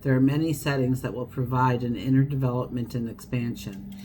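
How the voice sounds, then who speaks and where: A woman's voice: a bass voice, brisk, dark tone, a little hiss or hum. Chatty woman giving a tarot reading. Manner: chatty, wandering, acts out everyday scenes. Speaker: tarot reader. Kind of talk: casual tarot horoscope reading.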